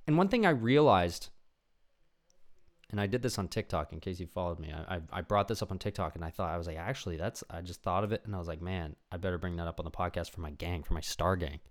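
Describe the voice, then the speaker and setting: A young man hosting a podcast in a casual, rambling comedic monologue, swearing freely and acting out voices of people in his stories. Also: fairly low pitch. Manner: rambling, animated, swears a lot, acts out voices. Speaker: podcast host.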